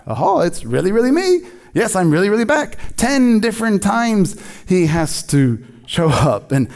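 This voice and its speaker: Guy preaching in church, kinda high voice, chatty and jokey. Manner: conversational, animated, jokey preaching. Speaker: pastor. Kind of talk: sermon.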